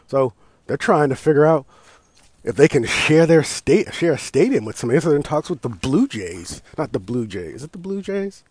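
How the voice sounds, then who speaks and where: A man's voice: on the high side, fairly quick, breathy edge, no echo. An American man hosting a casual talk show, ranting about sports with lots of swearing, laughs and restarts. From United States. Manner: loose, swearing, laughs and restarts, animated outbursts. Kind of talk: casual profane sports rant.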